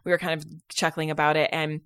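A woman with a Utah accent co-hosts a podcast, telling stories in casual chat and laughing often. Her voice is deep and fairly bright with a smooth sound, and she talks fast with a flat delivery.

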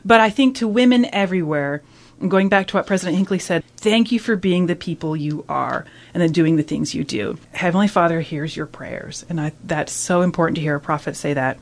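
A woman's voice: fairly low pitch, fairly quick. A woman in her thirties hosting a radio talk discussion, speaking earnestly and reflectively. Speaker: radio host.

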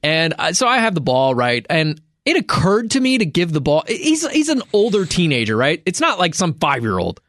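A man's voice: on the high side, wildly swooping pitch, moderate pace, few pauses, a bit bright, dry recording, studio quality. A man co-hosting a podcast, telling a story in casual chat and acting out the other people in it. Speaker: podcast co-host.

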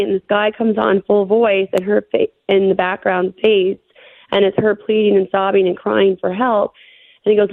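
A middle-aged woman being interviewed, recounting a frightening experience in a shaken, halting way with many fillers. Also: medium pitch, little pitch movement, vocal fry, dry recording. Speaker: interview guest. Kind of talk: telling a personal story. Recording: phone-line interview audio.

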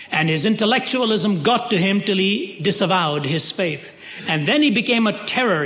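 A high-pitched man delivering a sermon as a dramatic story. He acts out the quoted speakers as he goes. His voice rings out in a hall with long reverb. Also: fairly bright tone. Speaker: preacher.

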